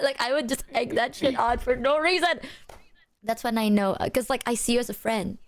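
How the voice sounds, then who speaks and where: A young woman chats on stream in a slightly high voice, rambling through her stories. She swears freely and keeps breaking into laughter. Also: quick pace. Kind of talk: casual chat.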